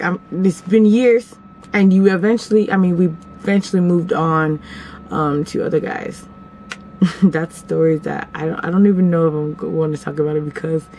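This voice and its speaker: A young woman vlogging at home, telling a story in a casual, animated, dramatic way with sudden jumps in pitch. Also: slight background noise.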